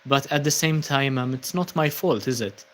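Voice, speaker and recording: A man's voice: mid-range voice, normal speed, slight background noise. A young man from Malta hosting a casual livestream, reading out viewer comments with lots of ums and uhs. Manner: relaxed, many ums and uhs, thanking viewers. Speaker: livestream host.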